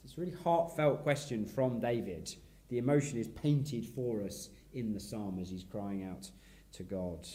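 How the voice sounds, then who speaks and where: A man preaching an expository sermon in a reflective way, his voice sinking softly at the ends of phrases. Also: lowish voice, moderate pace. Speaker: pastor.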